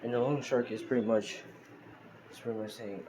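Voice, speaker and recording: A man's voice: medium pitch, steady tone, fairly quick, background noise. A man casually retelling a fan story, rambling along with many restarts and fillers.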